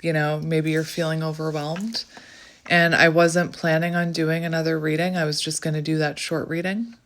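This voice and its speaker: A woman's voice: sits low, flat delivery, moderate pace, a bit bright. Breathless woman doing a tarot reading. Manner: musing, rambling, filler-heavy. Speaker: tarot reader. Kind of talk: casual spoken tarot reading.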